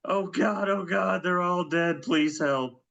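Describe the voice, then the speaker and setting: A man's voice: high voice, takes it slowly, vocal fry, a bit bright, highs cut off, pitched above the performer's own voice, full character voice. A man voicing a panicked caller pleading with an emergency operator. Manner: wailing, pleading. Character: frantic man calling emergency line.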